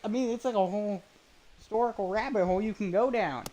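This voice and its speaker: A man's voice: sits high, fast talker, dark tone, a little hiss or hum, rough recording. A man streaming a baseball video game, calling the plays in a casual, rambling way with chatty asides and self-corrections.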